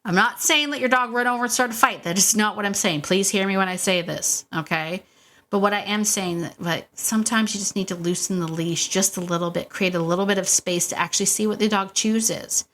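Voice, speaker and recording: A woman's voice: medium pitch, normal speed. A middle-aged woman hosting a dog-training podcast, coaching listeners in a casual, encouraging way with frequent laughs and repetition. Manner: warm, encouraging, laughs often, repeats herself.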